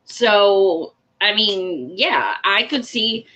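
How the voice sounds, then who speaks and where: A young adult woman hosting a casual political commentary show, blunt, profane and excitable. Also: mid-range voice, extremely slow, dull audio.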